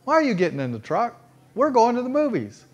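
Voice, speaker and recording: A man's voice: very high voice, wildly swooping pitch, brisk, slightly rough, highs cut off, pitched above the performer's own voice, full character voice. A man voicing skeptical friends who mock and question in disbelief. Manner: mocking, incredulous. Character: scoffing friends mocking an old man.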